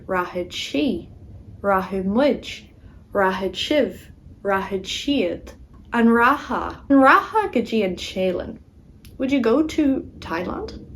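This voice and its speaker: A woman teaching Irish verbs with an Ulster Irish accent, repeating each form slowly and adding playful asides. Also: mid-range voice, fairly bright tone, slight background noise, poor audio. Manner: slow, careful drilling of words with playful asides. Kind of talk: casual spoken lesson.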